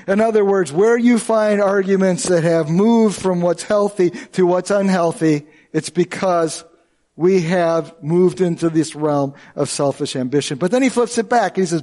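Brief: male pastor, high voice, earnest and emphatic sermon delivery. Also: a little slow, a little mellow. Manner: earnest and emphatic, with shifting pace.

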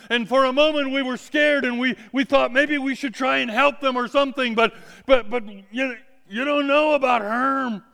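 High-voiced, halting preacher man. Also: vocal fry, pushed and bright, in a large hall. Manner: halting, repeats words as he retells. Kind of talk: first-person storytelling sermon.

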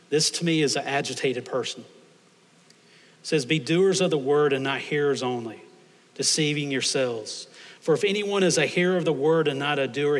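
A male pastor delivers a sermon, pressing his points by repeating phrases. His voice sits a little high for a man. It rings out with long reverb through a church hall. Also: fairly bright tone. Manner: emphatic, repeats phrases for stress.

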